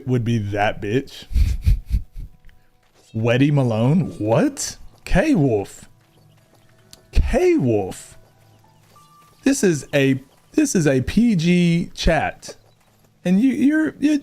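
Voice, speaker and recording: A man's voice: on the high side, very animated, takes it slowly, dark tone, soft background music. A man streaming a game, chatting casually and teasing his viewers with frequent laughs. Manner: playful, teasing, laughs often. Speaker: gaming streamer.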